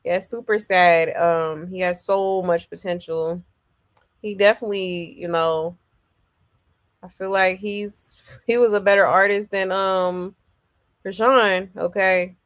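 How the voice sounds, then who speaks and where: Woman gossip-show host, casual and chatty, slow delivery, dry close sound. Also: medium pitch, steady tone, dry recording. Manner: loose and chatty, full of "um" and "okay" check-ins; reads viewer comments aloud. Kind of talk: casual livestream commentary.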